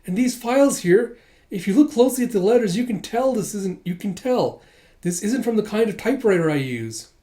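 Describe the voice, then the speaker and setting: A flustered young doctor who pleads his innocence in a raised, earnest voice, as a man reading a comic puts him on. He is loud and insistent, but he stays composed. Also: high voice, wildly swooping pitch, a little fast, pitched above the performer's own voice. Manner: protesting, earnest. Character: flustered young male doctor, secretly a spy.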